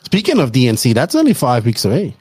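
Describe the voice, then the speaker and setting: A man hosting a podcast in casual, rambling chat full of fillers and shout-outs. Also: mid-range voice, wildly swooping pitch, fast talker, slightly rough, no room sound. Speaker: podcast host.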